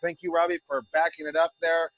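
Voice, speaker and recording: On narrow, tinny audio with no echo, a man with a fairly high, level voice speaks a bit quickly. He's the head coach of a wrestling school, rambling fervently and cursing freely to students in a relaxed online session.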